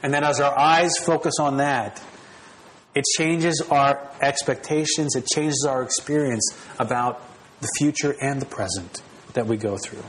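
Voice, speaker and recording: A man's voice: mid-range voice, unhurried, a little hiss or hum, low-quality recording. A man preaching a sermon in an earnest, personal way, repeating phrases and restarting now and then. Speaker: pastor.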